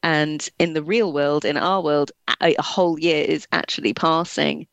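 A woman's voice: deep voice, fairly even intonation, normal speed, creaky, fairly bright tone, no echo, highs cut off. A young English woman with a slight Scottish touch in her accent, a guest author in a casual interview, chatty and laughing between words. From England.

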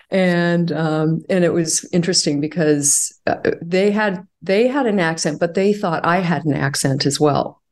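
A woman with a low voice talks through her past as a podcast guest. She speaks reflectively, pausing and restarting, with fillers and light laughter. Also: darkish tone. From California. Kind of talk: conversational interview.

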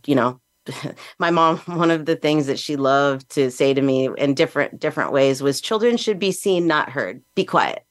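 Podcast host, candid monologue, earnest, plain-spoken, middle pitch, dry close recording. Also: no echo.

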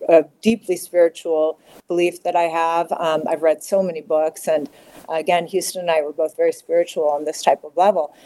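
Low mellow-voiced woman, halting and candid. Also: rough recording. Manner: halting and candid, repeats words. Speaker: guest. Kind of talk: emotional personal interview.

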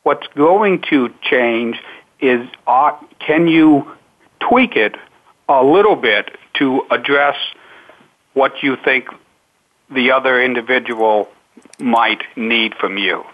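Man coaching on speaking, slow and careful, sounds like a tinny phone line. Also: mid-range voice. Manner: measured, unhurried explanations with many pauses. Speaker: speaking coach, interview guest. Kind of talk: radio interview answers.

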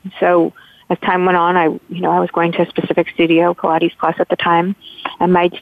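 A woman's voice: lowish voice, monotone, a little fast, vocal fry, no echo. A woman from Southern California, a guest calling in, telling her story in a heartfelt, rambling way with many restarts. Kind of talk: casual interview storytelling. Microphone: phone. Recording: tinny phone line, dry.

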